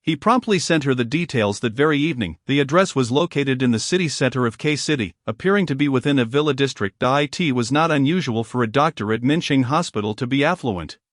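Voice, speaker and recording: A man narrates a novel in a steady, measured way. His voice sits at an ordinary middle pitch. The sound is dry and close, with no room around it. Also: no room sound. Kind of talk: audiobook reading of a romance novel.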